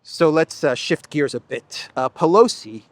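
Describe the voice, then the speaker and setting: A man's voice: fairly high pitch, animated, measured pace, dry recording. A man hosting a solo news commentary, talking in an emphatic, sarcastic way with frequent restarts. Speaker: political commentary host.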